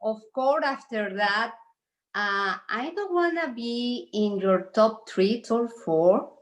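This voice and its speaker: Latina lady on a video call, spanish accent, slow and halting, bit high voice, laughs a lot. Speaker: insurance agent.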